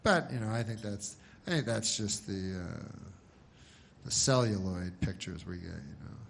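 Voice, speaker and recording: A man performing stand-up comedy at a private show, rambling in a halting deadpan way with many restarts. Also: fairly low pitch, creaky, slight background noise. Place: live private show audience.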